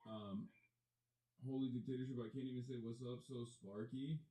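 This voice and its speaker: A man's voice: medium pitch, fairly even intonation, normal speed, warm tone. A man live streaming from his workplace, rambling casually in a hyped tone, repeating catchphrases and reading chat messages aloud. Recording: roomy echo.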